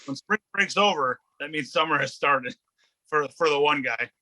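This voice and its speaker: A man's voice: a little high, moderate pace, bright, forceful tone, rough recording. A man telling a story as a guest on a casual podcast, rambling with many restarts and quoted asides.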